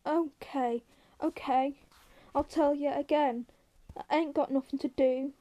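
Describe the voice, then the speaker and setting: Woman doing a cranky little guy who snaps and swears, highish soft voice. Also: steady tone, measured pace, dull audio. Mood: exasperated. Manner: sharp, scolding, cursing. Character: small wiry irritable man, quick and bossy.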